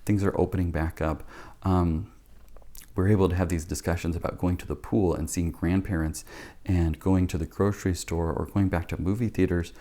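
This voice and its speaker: A man's voice: deep voice, fairly even intonation, moderate pace, warm tone. A man, a pediatrician, giving parents earnest, conversational advice in a live talk, acting out what they can say to their kids.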